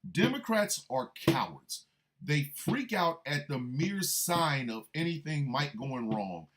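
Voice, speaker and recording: Against a noisy background, a radio host who served in the military rants slowly and very animatedly. His profane, confrontational monologue swings between quiet menace and shouting.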